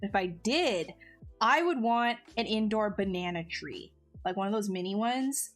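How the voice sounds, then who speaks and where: A chatty woman talks to her viewers during a live sculpting stream, her pitch sitting in a middle range. She pokes fun at herself and often stops mid-thought to begin again. Soft music plays quietly behind her. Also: animated, a little slow. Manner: chatty and self-mocking, trailing off into restarts. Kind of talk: casual live-stream chat answering viewers.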